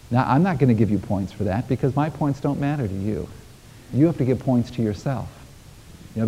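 A man delivers a relaxed, chatty sermon in a mellow, dark-toned voice, full of folksy asides and soft chuckles. His voice rings out through a reverberant church hall, with a faint hiss underneath the recording. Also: mid-range voice. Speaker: minister. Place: church sanctuary.

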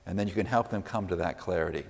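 Gentle man teaching in a reverberant hall. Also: sits low, creaky. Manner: gentle, measured, often trails off quietly. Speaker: workshop teacher. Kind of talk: teaching a listening workshop.

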